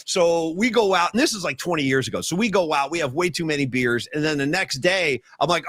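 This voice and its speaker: A man hosting a podcast, telling stories in a casual, animated way and acting out his own yelling. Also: a little high, fairly quick, few pauses, no echo, studio quality. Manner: animated storytelling, acts out yelling. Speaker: podcast host. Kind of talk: casual chat.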